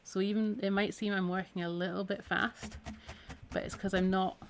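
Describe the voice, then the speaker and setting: In a mid-range, level voice at normal speed, a Scottish woman chats her way through a live needle felting tutorial, encouraging viewers as she works. Slight background noise is present, and her voice sounds a little tired from a week of talking.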